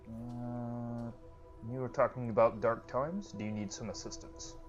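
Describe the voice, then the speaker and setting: A man's voice: mid-range voice, level tone, measured pace. A man hosting a let's-play, giving casual, chatty game commentary with joking asides. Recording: lo-fi with game music behind.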